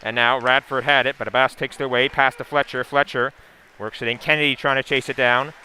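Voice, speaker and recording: A man giving a steady, running play-by-play call of a hockey game, with asides and sponsor plugs. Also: mid-range voice, brisk, slight background noise. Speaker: play-by-play commentator. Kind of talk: live hockey play-by-play commentary.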